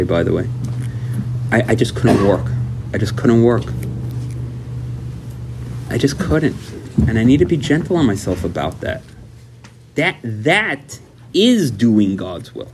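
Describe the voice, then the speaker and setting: A man's voice: mid-range voice, a little hiss or hum. A man leading a recovery workshop, talking animatedly and acting out little dialogues. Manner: animated, acts out dialogues in raised voice.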